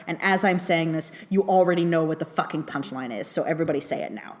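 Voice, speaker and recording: Low-voiced chatty woman reviewing a film. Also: fast talker, hardly any pauses. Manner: chatty, laughing often, heavy use of "like" and "um" fillers; lively retelling of scenes, swearing casually. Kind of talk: casual spoken film review.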